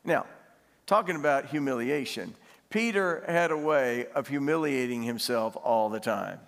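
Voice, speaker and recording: A man preaching a sermon, animated and laughing as he tells stories and asks the congregation questions. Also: mid-range voice, moderate pace. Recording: long hall reverb.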